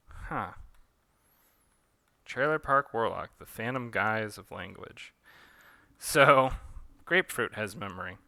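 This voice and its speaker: A man talking through his own comic in a relaxed, rambling way. His voice is very bright and sharp. The recording is close and completely dry. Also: on the low side, slow pace, vocal fry, long pauses, no room sound. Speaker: author giving commentary. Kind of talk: director's commentary read-along.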